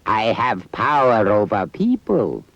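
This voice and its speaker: An actor playing a sly, gloating male vizier villain in an animated film, speaking with a slow, drawn-out sinister delivery. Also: lowish voice, dry recording, full character voice. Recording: dull lo-fi film soundtrack.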